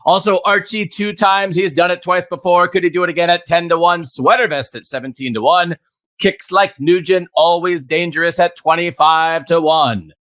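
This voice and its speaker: Brief: man doing a high, bright horse-race announcer calling the field, brisk play-by-play energy. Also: fairly even intonation. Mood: excited. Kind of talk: mock race call.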